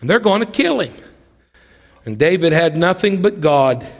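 A man delivers a sermon in a church, retelling a story with voices acted out. He rises into excited, higher passages and drops to hushed ones. His voice sits a bit high and rings through a long hall reverb. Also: normal speed. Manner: animated storytelling, acts out voices, swings from loud to hushed. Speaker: preacher. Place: church sanctuary.

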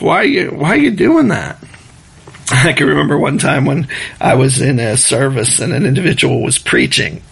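A man preaching a sermon in a relaxed, conversational way, chuckling as he mimics rushed and loud prayers. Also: mid-range voice, creaky, breathy edge. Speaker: pastor.

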